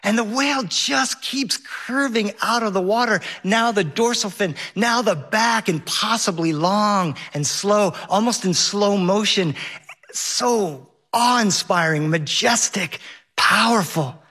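On stage, a middle-aged man tells a funny story from his own life, vivid and lively, and he speaks slowly. For a moment he slips into a high, whiny voice to play his son.

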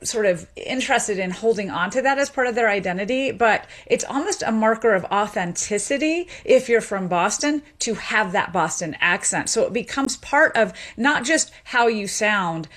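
A woman's voice: mid-range voice, fairly bright tone. A woman from the American South, a linguist guest in a radio interview, explaining in an articulate way and laughing easily.

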